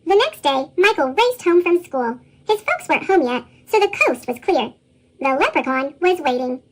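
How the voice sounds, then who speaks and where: A woman reads a children's storybook aloud with lively expression. Her voice runs through a chipmunk pitch shift, very high and bouncy, with a wide, sing-song swing. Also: moderate pace. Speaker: storybook reader.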